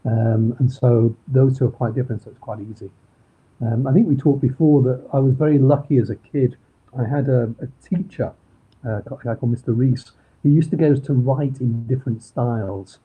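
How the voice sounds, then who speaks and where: A man's voice: medium pitch, moderate pace. A middle-aged man with a Manchester accent, a crime novelist chatting in an interview, rambling with lots of ums and restarts. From Manchester, England. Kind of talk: casual interview chat. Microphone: video call. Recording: husky, phone-like video call audio.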